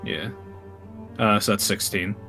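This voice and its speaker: Low-voiced stammering game player. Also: male voice, vocal fry. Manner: halting, stammering, many restarts. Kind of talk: casual tabletop game talk. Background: soft background music.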